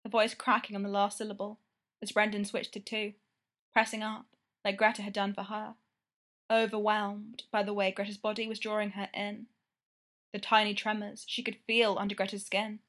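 A woman narrating a romance story with steady, intimate storytelling. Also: mid-range voice, normal speed.

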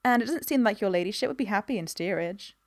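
A woman voicing a mocking male dock ticket clerk with a slow drawl. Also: medium pitch, animated, no room sound, clean studio sound, natural voice.

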